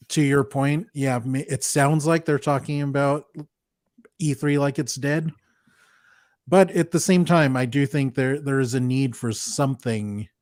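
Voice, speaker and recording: Male co-host, mid-pitched, measured and analytical, dry close-miked sound. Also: a little mellow, no echo. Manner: measured, analytical, says "like" and "right". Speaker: podcast co-host. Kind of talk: casual podcast chat.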